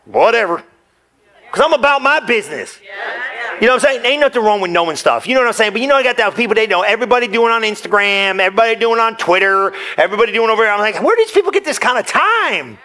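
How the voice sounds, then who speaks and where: A man preaching a sermon in church, energetic and joking with the congregation, sometimes rising close to a shout. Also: sits high, fast talker. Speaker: pastor.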